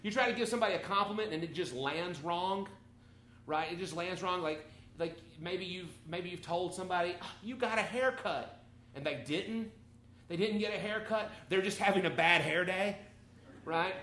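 Male preacher, animated and chatty, slightly high, bright voice, echoey room. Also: moderate pace, a little hiss or hum. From Texas or Arkansas, USA. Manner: animated, conversational, rising and falling in volume. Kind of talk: sermon.

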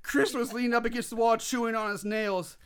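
A man's voice: very high voice, fairly even intonation, fairly quick, a bit bright. A man reading a comedy horror story aloud to friends, laughing and stumbling over words as he goes. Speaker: reader narrating a fan story.

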